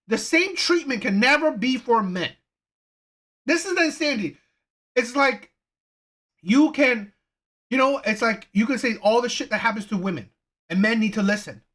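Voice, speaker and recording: A man's voice: very high voice, animated, a little slow, pauses often, sharp tone. A man hosting a reaction channel, ranting heatedly with frequent profanity and repeated phrases. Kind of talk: reaction commentary rant.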